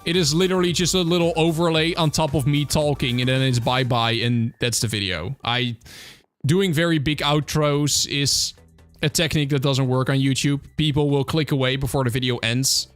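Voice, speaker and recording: Faint music sits behind a Dutch-accented man from the Netherlands as he chats casually on a livestream. His mid-range voice is a bit bright, fairly even in intonation and at normal speed, and he answers viewer questions with lots of fillers and restarts.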